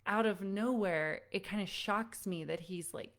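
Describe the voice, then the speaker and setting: A woman in her own easygoing voice, pitched right in the middle, leads a live online parenting workshop. She talks directly to the listeners as friends and cheers them on. Her stories come out chatty and loose, full of "like"s, as if she were sitting across from a parent. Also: measured pace, hardly any pauses. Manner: encouraging, speaks straight to listeners as friends; conversational storytelling with frequent "like". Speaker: parenting coach and counselor.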